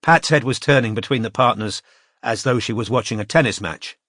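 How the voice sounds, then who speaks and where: A male narrator reads a detective story in a measured, even manner. His middle-pitched voice is recorded close on a studio mic, dry with no room sound. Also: dry recording. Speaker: audiobook narrator. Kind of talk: scripted narration.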